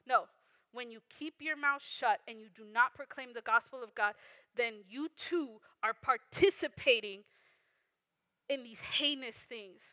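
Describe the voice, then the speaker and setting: A woman's voice: fairly high pitch, unhurried, bright, forceful tone, no room sound. A young woman teaching a Bible lesson in an earnest, conversational way, often checking in with "right?". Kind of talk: sermon.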